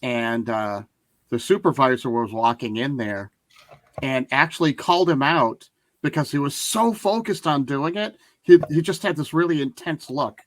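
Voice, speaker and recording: A man's voice: mid-range voice, expressive, moderate pace, no echo. A man co-hosting a fan podcast, telling a teasing anecdote in a chatty way. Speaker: podcast co-host. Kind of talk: casual storytelling.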